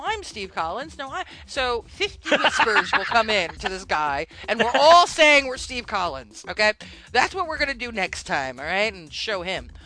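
A woman's voice: medium pitch, pushed and bright. A woman hosting a gaming podcast, chatting casually, laughing often and mocking trolls. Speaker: podcast host.

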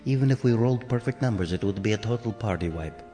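A mischievous old grandfather poking fun at the game master, as a man puts him on. He speaks low, softly and slyly. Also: expressive, quick pace, long reverb tail, soft background music, close to an everyday voice.

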